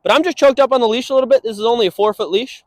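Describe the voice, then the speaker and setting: A young man training a dog, explaining casually and breaking into high sing-song praise for it. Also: rapid-fire, dry recording. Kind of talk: instructional walk-and-talk.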